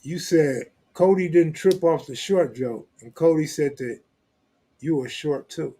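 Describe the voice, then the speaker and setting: A man's voice: on the high side, unhurried, mellow. A man hosting a live stream, reading viewer comments in blunt, profane, joking street talk. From Los Angeles, California. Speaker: host.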